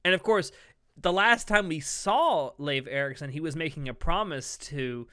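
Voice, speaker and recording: A man co-hosts a relaxed podcast conversation with a bright, smooth voice. He is chatty, laughs easily and talks through plot points at length. His voice sounds dry and close, with no room around it. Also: a little high, moderate pace, no room sound. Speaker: podcast co-host. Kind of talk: casual podcast review chat.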